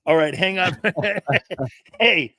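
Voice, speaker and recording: A man hosting a sports talk show, brash and profane, arguing loudly with his co-host. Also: high-pitched, expressive, drawn-out words, dry recording.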